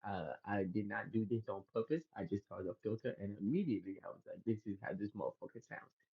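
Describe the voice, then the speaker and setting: A low, gravelly ogre character with a husky, rasping edge, as a man puts him on. The sound is dull and lo-fi, like a cheap mic. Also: fast talker. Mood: grumbling. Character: gruff male ogre character.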